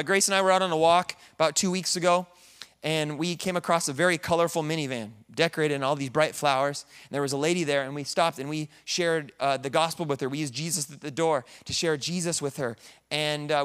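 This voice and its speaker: Middle-aged male pastor, earnest rambling sermon delivery, high pitch, clear resonant tone. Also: a bit bright. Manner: earnest, rambling with many restarts.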